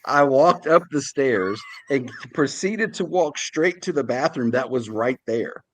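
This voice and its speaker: A man's voice: mid-range voice, unhurried. A man co-hosting a podcast in casual chat, telling a story and acting out the people he quotes. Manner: animated storyteller, acts out quoted voices. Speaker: podcast co-host.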